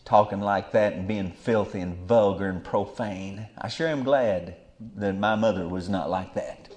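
Unhurried, a middle-aged man preaches a fiery sermon based on the Bible. His voice falls to low murmurs, then bursts out in loud exclamations.

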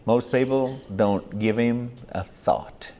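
A man's voice: medium pitch, slow pace, dark tone. Older preacher man, folksy and rambling, talkin to his flock. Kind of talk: sermon.

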